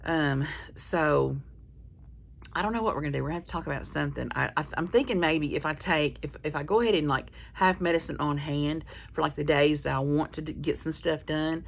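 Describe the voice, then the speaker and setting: A woman's voice: low voice, fairly quick, vocal fry. A woman chatting casually to her viewers, telling a rambling, candid story full of restarts. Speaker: vlogger. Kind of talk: casual chat to camera.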